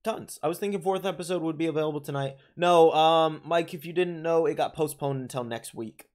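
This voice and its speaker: A man's voice: on the high side, fairly quick, a little mellow. A young man hosting a livestream, chatting casually and rambling through viewer comments with lots of fillers and restarts, his voice a little worn from talking. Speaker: livestream host. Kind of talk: casual live chat reading viewer comments.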